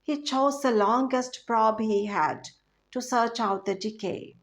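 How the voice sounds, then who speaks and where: A woman recites a humorous poem and then coaches students on voice. Her delivery is clear and calm, slightly high, and slow and deliberate. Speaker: recitation teacher.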